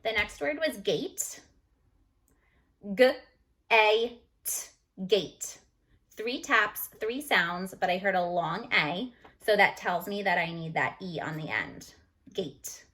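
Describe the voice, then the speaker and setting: A woman teacher going over a phonics lesson on a video call, slowly sounding out letters and words. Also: on the low side, animated, sharp tone. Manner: slow, deliberate, sounds out each letter. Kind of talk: recorded phonics lesson review.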